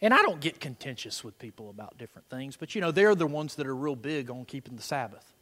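A middle-aged man preaches a sermon in a high, bright, sharply edged voice that leaps around in pitch. He drops to soft, murmured prayer and then builds to loud, driving emphasis. His words ring out with a long hall reverb behind them. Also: lively intonation, fast. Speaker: pastor. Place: church sanctuary.

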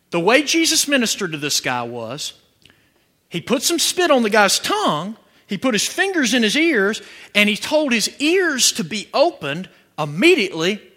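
Guy from preaching, high voice, bright sharp tone, gets loud and shouty. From Georgia, USA. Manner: animated storytelling, bursts into shouting. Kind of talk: sermon.

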